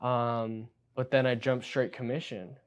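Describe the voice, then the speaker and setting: Young male guest, twenties, high-energy casual storyteller. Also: unhurried, clear, resonant tone, dull audio. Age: 20s. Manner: energetic, excitable storyteller with frequent "like". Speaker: guest, new insurance agent. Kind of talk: casual podcast interview.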